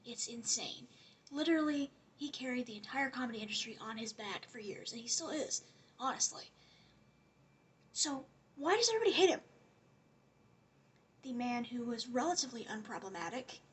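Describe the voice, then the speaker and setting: A woman's voice: fairly high pitch, normal speed, pushed and bright, slight background noise. A woman giving a casual, rambling rant as a commentary vlogger, sarcastic and often dropping to a whisper.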